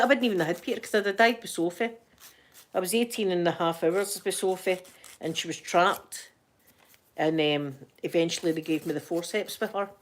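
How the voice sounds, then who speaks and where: Chatty Scottish woman, middle-aged. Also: lowish voice. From Scotland. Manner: chatty, rambling, laughs often. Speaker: ASMR channel host. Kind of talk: casual chat to viewers.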